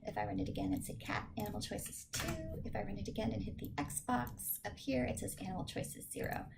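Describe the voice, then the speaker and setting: Woman tutor with a gravelly edge, talking through code in a casual, joking way, noisy recording with typing behind. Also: mid-range voice, wildly swooping pitch, quick pace. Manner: chatty, self-deprecating, thinking aloud. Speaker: programming teacher. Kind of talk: screen-recorded coding tutorial.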